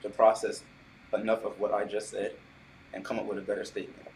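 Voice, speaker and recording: A low-voiced man on a podcast who lays out his argument carefully, one step at a time. There is a faint hiss under his voice. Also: level tone, a little mellow, rough recording. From Prince George's County, Maryland. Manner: measured, explains his point step by step. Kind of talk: casual podcast chat.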